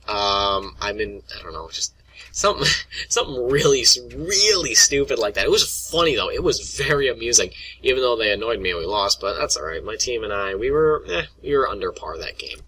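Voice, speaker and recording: A man's voice: medium pitch, expressive, moderate pace, sharp tone, slight background noise. A young man rambling casually to his viewers about annoying players, full of fillers, restarts and mock voices. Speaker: gaming vlogger. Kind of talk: casual rant to camera.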